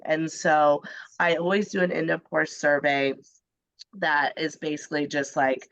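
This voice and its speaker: A woman in her forties, a junior high math teacher, giving a candid, chatty presentation to other teachers while congested from the flu. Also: fairly even intonation, a little slow, no echo, dull audio. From Indiana, US. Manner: candid, chatty, many ums. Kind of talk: webinar presentation. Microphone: computer mic on a video call.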